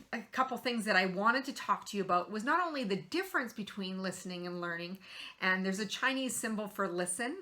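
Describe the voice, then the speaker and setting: Bright-voiced woman coaching listeners. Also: mid-range voice. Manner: earnest, coaching, gives tips and rhetorical questions. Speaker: host. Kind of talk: motivational talk to camera.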